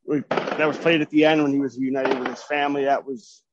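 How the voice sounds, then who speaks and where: A man's voice: medium pitch, flat delivery, brisk, lo-fi sound, background noise. A man co-hosting a casual podcast chat, earnestly going through his list. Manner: earnest, list-making, enthusiastic. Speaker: podcast co-host.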